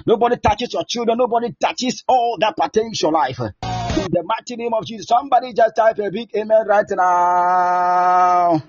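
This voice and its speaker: A man pastor preaching and praying fervently on an online prayer line, with impassioned, repetitive declarations and shouted peaks. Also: sits high, normal speed. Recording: dull lo-fi sound with faint music.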